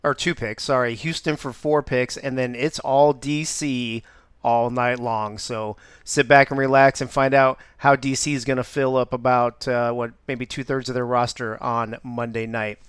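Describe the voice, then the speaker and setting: A man's voice: mid-range voice, fairly even intonation, normal speed, a bit bright, clean tone, no echo. A man hosting a live show in an upbeat, joking way. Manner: upbeat, joking, laughs often. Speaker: host.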